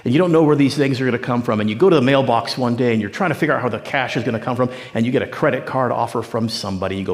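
A man's voice: mid-range voice, quick pace, creaky, in a large hall. A man preaching a sermon, telling a story and acting out its people in dialogue. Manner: storytelling preacher who acts out the figures in dialogue. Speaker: pastor.

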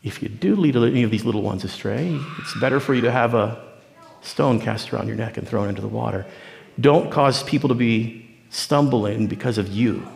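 A pastor with a low, gravelly, slightly mellow voice preaches a sermon, heard with a long reverb tail. He tells a story and acts out its characters in dialogue.

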